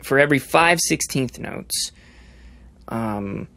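Gravelly young man explaining rhythms. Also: mid-range voice, animated, slow pace, sharp tone, no echo. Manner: explains by singing rhythms, many fillers and restarts. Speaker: drummer guest. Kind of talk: podcast interview, explaining rhythm.

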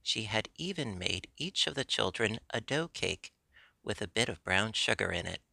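A man narrating an audiobook in a steady, measured way. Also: fairly low pitch, vocal fry, no echo.

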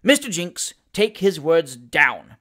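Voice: mid-range voice, sing-song, slow pace, fairly bright tone, heavily acted. A reader voicing a pompous, flustered male country magistrate in an audiobook, stern and blustering with some stammering.

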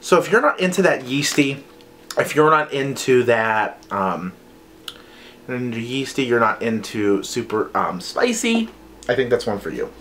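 A man's voice: medium pitch, very animated, a little slow, a bit bright, a little hiss or hum. A man chatting enthusiastically and playfully as he reviews scented wax melts in a casual haul video.

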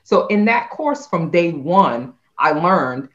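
Animated woman telling a story. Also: on the low side, takes it slowly, dull audio. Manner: animated, laughs while telling stories. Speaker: company CEO. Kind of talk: casual interview storytelling.

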